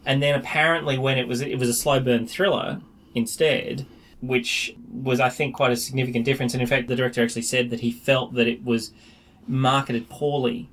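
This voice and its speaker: A man's voice: medium pitch, flat delivery, fairly quick, a bit bright. Chatty man talking films. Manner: chatty, laughs often, trails off mid-sentence. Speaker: podcast co-host. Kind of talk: casual film discussion.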